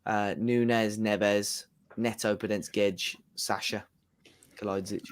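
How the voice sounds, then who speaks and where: A man co-hosting a live fan stream, firing off quick reactions and jokes. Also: on the low side, flat delivery. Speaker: co-host. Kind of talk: casual live stream chat.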